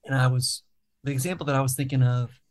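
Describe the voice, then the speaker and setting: A man's voice: medium pitch, fairly even intonation, quick pace. A man, a songwriter and guest, talking casually in an interview and explaining his process thoughtfully, step by step.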